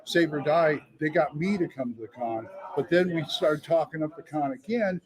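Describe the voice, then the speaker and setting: A man co-hosting a casual live podcast chat, telling animated, jokey stories. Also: on the high side, moderate pace, a crowd in the background, rough recording. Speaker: podcast co-host.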